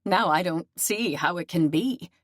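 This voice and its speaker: Woman as a young noble lady, earnest and emotional, lowish voice, dry sound. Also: a little slow, no room sound.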